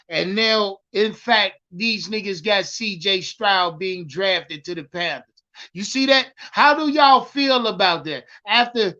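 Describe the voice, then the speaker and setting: A man hosting a live stream, loudly hyped and swearing as he ranted about football and answered his chat. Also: high-pitched, highs cut off. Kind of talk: profane live-stream sports rant.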